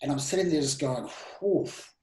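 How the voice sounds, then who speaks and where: Guy on a podcast telling his own stories, lively ups and downs, kinda echoey room. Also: medium pitch, normal speed. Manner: animated, voice rising and dropping sharply. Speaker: podcast guest, presenting mentor. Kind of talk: casual storytelling interview.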